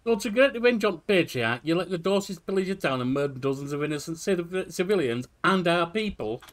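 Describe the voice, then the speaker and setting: Man, Yorkshire accent, gamer, dry, blunt, fairly high voice. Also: expressive, brisk. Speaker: gamer voicing the player's lines. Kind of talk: casual game playthrough commentary.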